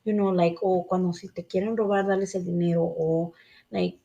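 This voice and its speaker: A woman's voice: on the low side, fairly even intonation, brisk, gravelly, dark tone, muffled recording. Bilingual woman telling a story casually. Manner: switches between English and Spanish mid-sentence, swears casually. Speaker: podcast co-host.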